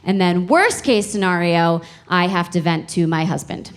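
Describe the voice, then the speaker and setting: A woman's voice: fairly low pitch, moderate pace, few pauses. A young woman doing a stand-up comedy set, telling stories in a chatty, exasperated way with playful emphasis, on a club stage mic.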